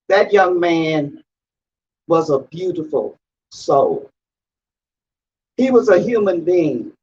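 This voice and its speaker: Woman giving a slow, emphatic rally speech. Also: lowish voice, slightly rough. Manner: slow, emphatic, repeats phrases for effect. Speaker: rally speaker. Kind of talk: impassioned rally speech with call-and-response. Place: outdoor rally. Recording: dull lo-fi rally recording.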